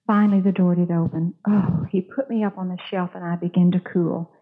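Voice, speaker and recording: A woman's voice: lowish voice, steady tone, a little fast, lightly acted. A woman voicing a suffering talking teacup that was once clay, telling its story in a pleading way, with a tinny phone-like sound.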